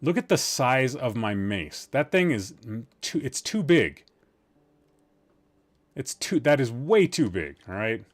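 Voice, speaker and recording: Guy hosting a live stream from home, rambles a lot, jokes around w his chat, pretty average pitch. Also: big pitch swings, unhurried. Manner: rambling, joking and teasing with the chat. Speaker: podcast host streaming live.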